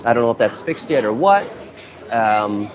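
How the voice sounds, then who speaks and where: An easygoing man chats on a live stream from a museum hall, speaking into his phone camera. His pitch sits in the ordinary middle for a man. He rambles, thinking aloud as he goes. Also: sing-song, moderate pace, a crowd in the background. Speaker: museum content creator and live stream host. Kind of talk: casual live-stream chat. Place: indoor museum hall with public nearby.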